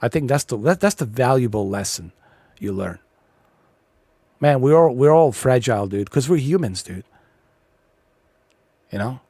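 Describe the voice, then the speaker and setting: A man's voice: mid-range voice, animated, unhurried, pauses often, darkish tone, no echo. A man hosting a gaming video, ranting casually in a blunt, profane, rambling way with many fillers. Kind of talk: casual rant over gameplay.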